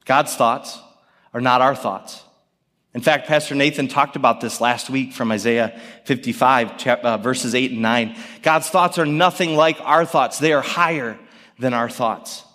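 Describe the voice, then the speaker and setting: A male pastor in his thirties tells a story in an earnest sermon, pausing gently between thoughts. His voice sits at an ordinary middle pitch. The sound carries a long reverb from a church hall. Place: church sanctuary.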